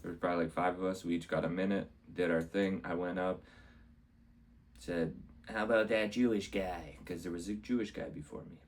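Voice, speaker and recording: A man's voice: low voice, level tone, brisk, darkish tone. A man who does stand-up comedy, casually recapping his week in a rambling way and repeating himself often. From Canada. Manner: rambling, repeats "amazing", acts out quotes.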